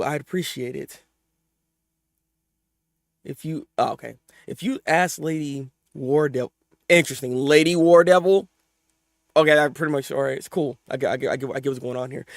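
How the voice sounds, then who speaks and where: A man hosting a live manga reaction, talking in casual slang, often laughing and swinging between mumbled asides and loud excited outbursts. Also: on the high side, normal speed, long pauses, no echo, clean studio sound.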